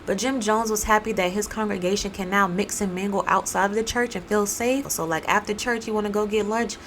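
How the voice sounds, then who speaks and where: Animated woman telling a true-crime story. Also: medium pitch, a little fast, a little hiss or hum, poor audio. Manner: animated, playful voices for quotes. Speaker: podcast host. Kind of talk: casual storytelling.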